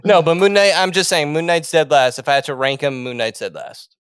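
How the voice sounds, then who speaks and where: A man's voice: fairly high pitch, fairly even intonation, fairly quick, a bit bright, clean tone, no room sound, studio quality. A man co-hosting a casual podcast chat, joking and laughing often. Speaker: podcast co-host.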